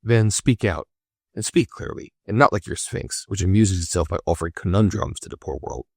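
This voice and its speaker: A stubborn, excitable old sea captain who barks his words in gruff bursts, as a male narrator puts him on. The voice is deep and the sound is dry and close to the mic. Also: normal speed, no echo, full character voice. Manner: blustering, gruff exclamations.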